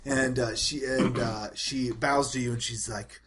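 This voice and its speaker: A man narrating as game master of a tabletop role-playing game, talking loosely and breaking into shouted character voices. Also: medium pitch, measured pace, slight background noise. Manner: animated, puts on shouted voices for villagers.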